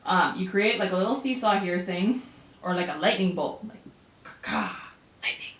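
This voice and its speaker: A woman teaching a grammar lesson with upbeat, animated energy and quick bursts of excitement. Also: on the low side. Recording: echoey room.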